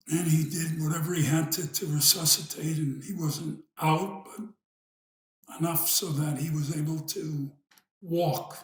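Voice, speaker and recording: A man with a New York accent, telling an old family story in a casual, unhurried way, pausing and trailing off into asides. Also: a little high. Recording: echoey room.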